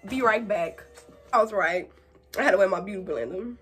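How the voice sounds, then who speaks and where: A young woman vlogger telling a casual story while doing her makeup, animated and slangy, acting out quotes in a higher voice. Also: moderate pace, slightly rough, faint music behind. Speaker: beauty vlogger.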